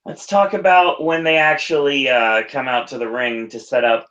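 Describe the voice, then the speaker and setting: A man hosts a laid-back wrestling-recap podcast, wandering off track, correcting himself and laughing often. His voice is medium-pitched, steady and a bit bright at normal speed, with a lo-fi sound.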